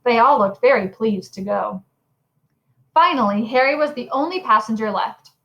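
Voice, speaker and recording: A woman with a fairly high voice reads a novel aloud, expressive and animated in her storytelling. Her narration carries the tale along with feeling. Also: moderate pace, muffled recording. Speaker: reader. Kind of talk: audiobook reading of a novel.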